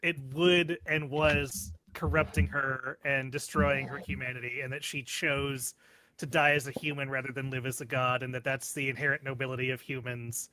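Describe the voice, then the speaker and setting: Bright, measured man explaining comics. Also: mid-range voice, little pitch movement, slight background noise, poor audio. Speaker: podcast co-host. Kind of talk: casual comic book chat.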